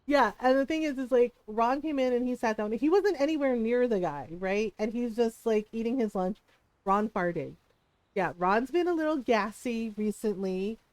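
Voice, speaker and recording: Woman streamer, middle-aged, high voice, dry close sound, chatty storyteller who laughs a lot. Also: animated, moderate pace, darkish tone, no echo. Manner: chatty storyteller, laughs often, acts out quotes. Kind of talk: casual chat while gaming.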